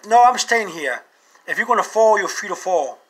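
A man's voice: sits high, lively intonation, moderate pace, a bit bright, slightly rough, exaggerated voice, low-quality recording. A man voicing a smug, lazy male house cat who talks in a dismissive drawl.

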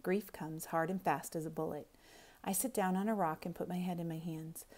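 A woman teacher reading a novel aloud, expressive, quiet and intense. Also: lowish voice, moderate pace.

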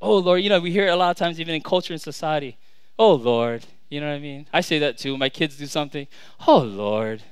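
A man, a pastor with children, preaching a sermon, often restarting words and swinging from loud declarations to quiet asides. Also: fairly high pitch, fairly even intonation, racing, hardly any pauses, smooth, no room sound.

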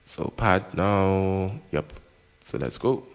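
A man teaching keyboard in a casual, halting way, often stopping to check that the listener understands. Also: sits low, expressive, smooth. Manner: keeps checking in with "you understand?"; halting, with restarts and repeated words. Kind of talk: casual instructional talk. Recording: long reverb with keyboard music behind.

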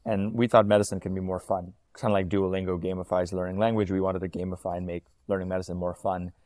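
A man in his thirties, a company founder talking as an interview guest, quick and fluent with frequent ums and uhs. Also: low voice, flat delivery, a little mellow, no room sound, clean studio sound. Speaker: startup founder and CEO, guest. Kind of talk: casual interview talk.

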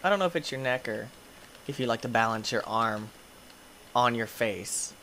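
A young man hosting a gaming video, giving excitable play-by-play commentary, often yelping, screaming at in-game injuries and laughing. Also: mid-range voice, normal speed, a little hiss or hum. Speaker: gaming channel host.

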